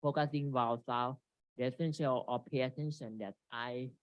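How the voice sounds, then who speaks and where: Halting man presenting a seminar. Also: medium pitch, fairly even intonation, dry recording. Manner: halting, reads from slides with frequent restarts. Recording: dry, dull lo-fi recording.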